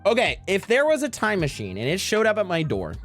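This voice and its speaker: A man's voice: high-pitched, wildly swooping pitch, a little fast, fairly bright tone, faint music behind. A young man live streaming, chatting casually and profanely with his viewers, rambling from joke to joke with frequent laughter.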